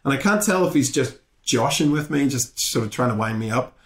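Speaking a little fast, this Belfast comedian animatedly retells an exchange during a podcast interview, voicing every person involved. He chats casually, swears freely, keeps an ordinary middle pitch, and the room echoes noticeably around him.

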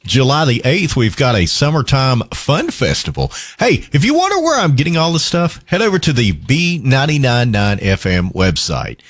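A man hosting a country radio show, chatting between songs in a lively, easygoing way and chuckling at his own asides. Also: mid-range voice, moderate pace, few pauses, dry recording, clean studio sound.

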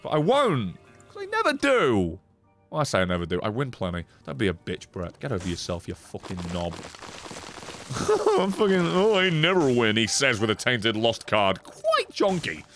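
Excitable swearing gaming streamer. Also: male voice, lowish voice, normal speed. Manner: swears a lot, jokey and excitable. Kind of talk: casual gameplay commentary. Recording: game music behind.

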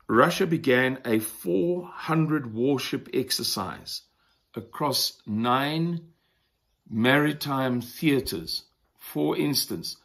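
Man, South African accent, news review host, deliberate, opinionated, mid-pitched voice. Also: gravelly, fairly bright tone. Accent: South African English. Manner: deliberate, opinionated, pauses to define terms. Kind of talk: weekly news review monologue.

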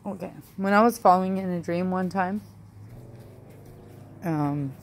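A woman's voice: lowish voice, unhurried, a little hiss or hum. A woman telling a rambling, emotional personal story in a casual home vlog, often adding "right?" and "like". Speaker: vlogger.

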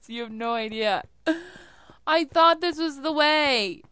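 Bright high-voiced woman gaming. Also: slow. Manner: chatty, laughs a lot, talks to herself. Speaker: let's play gamer. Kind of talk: casual gameplay commentary.

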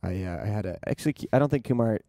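A man's voice: on the low side, animated, rapid-fire, vocal fry, dark tone, no room sound. A young Canadian man hosting a podcast, chatting casually in a rambling, laid-back way with plenty of swearing. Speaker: podcast host. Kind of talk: casual chat.

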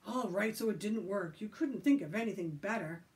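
A woman voicing Alan, a pushy, scheming boy who talks in an impatient, high, loud way. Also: lively intonation, moderate pace, natural voice. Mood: angry. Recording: voice from a distant mic.

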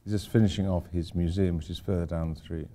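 This is an older man's offhand architecture lecture to a room of university students, full of digressions and wry self-mockery. The voice is low-pitched and dark, delivered at a quick pace but in a steady tone.

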